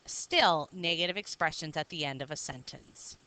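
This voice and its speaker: A woman's voice: a little high, moderate pace, few pauses, pushed and bright, smooth, low-quality recording. A woman teacher explaining grammar rules step by step in a recorded lesson, patiently checking that students follow along.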